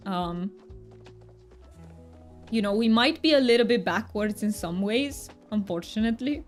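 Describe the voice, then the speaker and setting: A woman's voice: medium pitch, animated, unhurried, faint music behind. A woman from Romania, streaming a game and chatting with her viewers in a bubbly, giggly way. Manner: bubbly and giggly, with frequent laughs and restarts. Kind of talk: casual live-stream chat, reading chat aloud.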